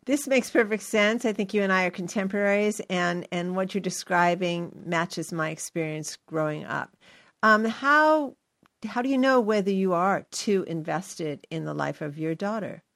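An older woman hosting a conversational interview, asking engaged questions and giving lively examples. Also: mid-range voice, normal speed. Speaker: interview host.

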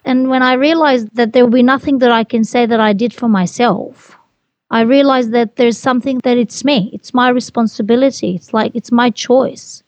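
A woman's voice: fairly high pitch, fairly even intonation, normal speed, darkish tone, no echo. A woman telling her personal story as an interview guest, earnest and repeating herself as she goes. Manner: earnest, repeats phrases, restarts.

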